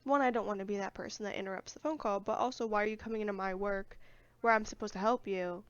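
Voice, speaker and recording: A woman's voice: mid-range voice, fairly even intonation, fast talker, clear, resonant tone, no echo, highs cut off. A young woman co-hosting a podcast in casual chat, adding wry asides. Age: young adult. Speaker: podcast co-host.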